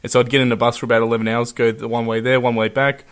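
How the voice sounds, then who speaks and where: A man's voice: mid-range voice, little pitch movement, very fast, smooth. Laid-back young Australian man. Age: 20s. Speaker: wrestler and interview guest. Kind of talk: casual conversational storytelling. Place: a private home.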